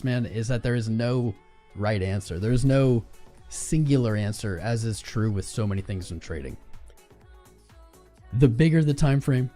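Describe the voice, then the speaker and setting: A man's voice: fairly low pitch, warm tone. Laid-back man hosting a trading livestream. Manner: laid-back, greets chat viewers by name. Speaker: crypto trading livestream host. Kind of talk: casual livestream chat.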